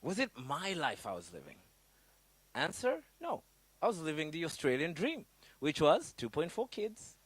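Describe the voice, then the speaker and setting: Male business coach from Africa, blunt and lively motivational speaker, very expressive pitch, no room echo. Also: moderate pace, slightly rough. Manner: candid, animated storytelling with swearing and audience questions. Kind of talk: motivational workshop talk.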